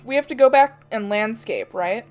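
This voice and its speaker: A woman's voice: on the high side, lively intonation, normal speed, a little mellow, soft background music. A woman reading game prompts in casual tabletop chat, with a dry delivery.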